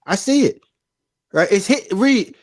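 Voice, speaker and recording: High, lively man teasing a friend. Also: measured pace. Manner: playful teasing, mock-serious. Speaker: co-host. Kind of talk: casual show banter.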